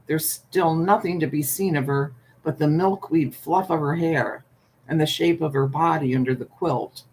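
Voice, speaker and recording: A woman reading a short story aloud at bedtime in a calm, unhurried way, then saying good night to her listeners. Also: sits low, slight background noise.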